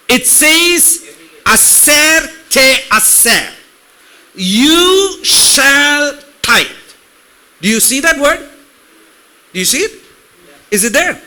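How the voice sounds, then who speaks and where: A man preaching a sermon to a congregation, asking them questions and reading Hebrew words slowly. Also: high voice, bright, forceful tone. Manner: talks directly to congregation with questions. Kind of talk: sermon teaching.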